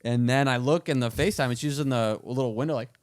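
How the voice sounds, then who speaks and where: A man co-hosting a podcast, telling casual stories with animated delivery and acting out other people's voices. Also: mid-range voice, quick pace, dry recording, studio quality. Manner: animated storyteller, acts out quoted voices. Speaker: podcast co-host. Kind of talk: casual storytelling chat.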